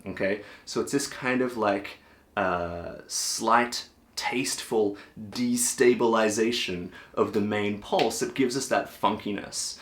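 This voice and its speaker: A man's voice: lowish voice, a little slow. A man teaching a cajon lesson in a patient, reassuring way, sometimes counting and singing rhythms aloud. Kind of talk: relaxed, encouraging music lesson.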